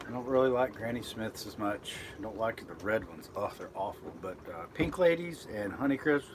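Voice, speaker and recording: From inside his boat, a vlogger reads viewers' comments and chats loosely on a casual live stream, rambling and correcting himself. His voice is on the low side with lively intonation and a moderate pace, and there's background noise.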